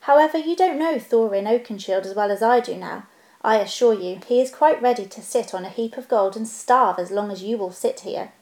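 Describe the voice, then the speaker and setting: A woman voicing a small, earnest male hobbit who talks with prim, businesslike courtesy and a slight squeak. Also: fairly quick, darkish tone, close to an everyday voice. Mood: polite, earnest. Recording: roomy echo.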